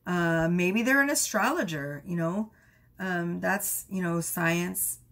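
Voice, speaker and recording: A woman's voice: on the low side, slow pace, fairly bright tone. Rambling woman giving a tarot reading. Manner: rambling, many fillers and asides. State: losing her voice. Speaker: tarot reader. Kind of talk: casual tarot reading monologue.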